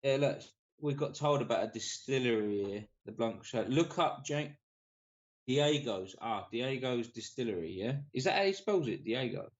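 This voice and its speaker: A man's voice: mid-range voice, lively intonation, moderate pace, highs cut off. A man hosting a casual live stream, joking around, swearing freely and reading out viewers' comments.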